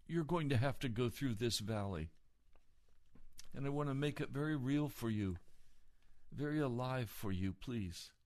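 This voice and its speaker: A man preaching as a pastor, speaking earnestly and sometimes rising in pitch as he urges his listeners on. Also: animated, a little slow, darkish tone. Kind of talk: sermon.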